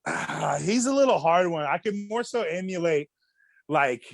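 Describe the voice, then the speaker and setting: A man's voice: a little high, lively intonation, moderate pace, vocal fry, no room sound. A young man from Australia, a music producer guest, talking in a laid-back, rambling way with plenty of swearing and fillers. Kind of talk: casual podcast chat.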